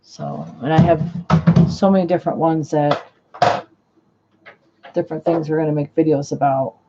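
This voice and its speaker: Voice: mid-range voice, steady tone, moderate pace, heavy background noise. Rambling lo-fi sewing-stream host. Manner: rambling, trails off and restarts mid-sentence. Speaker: sewing vlogger on a live stream. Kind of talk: casual live-stream chat while sewing. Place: home sewing space. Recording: dull lo-fi live-stream audio.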